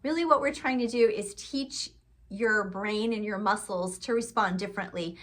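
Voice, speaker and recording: A woman's voice: medium pitch, normal speed. A woman teaching singing, explaining and encouraging between sung vowel demonstrations. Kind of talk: vocal lesson with sung demonstrations.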